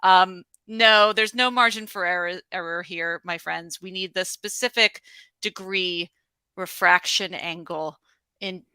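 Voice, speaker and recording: A woman's voice: lowish voice, steady tone, unhurried, pushed and bright, clear, resonant tone, dry recording. A woman hosting a virtual trivia night on a video call, upbeat and chatty with frequent laughs. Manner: upbeat, chatty, laughs often, many fillers.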